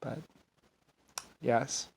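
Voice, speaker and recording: A man's voice: very slow, darkish tone. A man giving a meandering, grandiose unscripted monologue, often repeating himself. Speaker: solo speaker.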